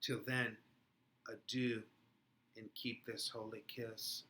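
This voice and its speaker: A man reading a soft-spoken young nobleman. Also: little pitch movement, slow, slight background noise. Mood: smug, tender. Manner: low, soft and quiet. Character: Paris, self-assured young nobleman.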